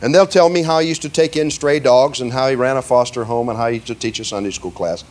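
A male preacher delivering a sermon, slowing down to stress words and leading the congregation in repeating lines, often asking "okay?". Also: mid-range voice, darkish tone. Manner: asks "okay?" and "see?" often.

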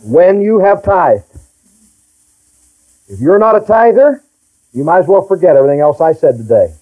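A man's voice: high-pitched, sing-song, normal speed, phone-quality sound. A middle-aged male pastor preaching a folksy, emphatic sermon and reading scripture aloud.

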